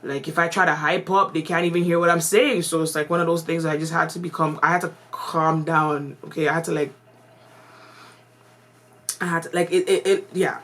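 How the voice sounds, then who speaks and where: Brief: woman vlogger from Canada, casual slangy storytelling, lower pitched. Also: fairly even intonation, fairly quick, fairly bright tone. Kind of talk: storytime vlog.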